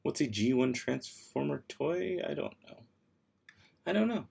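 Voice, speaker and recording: With a husky, creaky, darkish mid-range voice, a young man hosts a casual livestream at a measured pace and lively intonation, reading viewer comments aloud while he works. He's easygoing but easily exasperated, mumbling as he goes. Tiredness shows in his worn voice, which is starting to fail.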